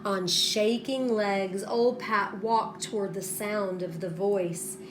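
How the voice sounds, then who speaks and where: A woman teacher reading a storybook aloud to students in an expressive way, stopping to ask them questions. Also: mid-range voice, background noise. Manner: slow, expressive, pauses to prompt students.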